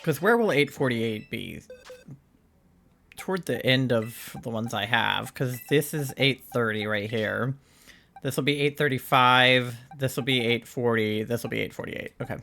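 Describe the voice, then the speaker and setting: A man's voice: mid-range voice, moderate pace, vocal fry, pushed and bright, a little hiss or hum. A man streaming a game, chatting casually and rambling, with frequent swearing and lots of "like" and "um". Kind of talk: casual chat while gaming.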